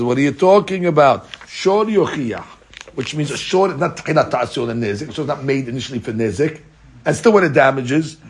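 A man's voice: fairly high pitch, a little hiss or hum. A man teaching a daily Talmud class, reading out Aramaic text and explaining it in casual English with rhetorical questions and many fillers.

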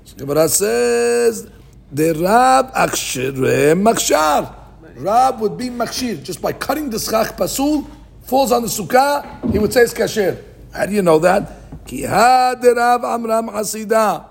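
The Talmud teacher, a man with a high, gravelly voice, reads the day's Aramaic text and explains it in English at an unhurried pace. He stays animated by answering his own questions, and this podcast recording of a live class has a little hiss or hum.

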